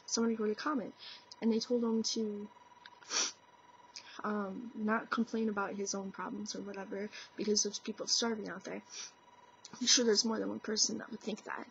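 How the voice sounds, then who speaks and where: A woman's voice: fairly high pitch, fairly even intonation, moderate pace, vocal fry, long pauses, a little hiss or hum. A young woman talking earnestly into her camera in a casual opinion vlog, full of "like" and "you know". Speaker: vlogger. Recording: dull lo-fi webcam audio.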